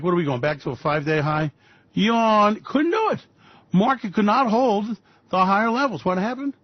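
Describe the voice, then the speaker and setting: A man's voice: high voice, no echo. A man hosting a radio show, ranting about markets in a profane, sarcastic way. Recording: dull dry lo-fi recording.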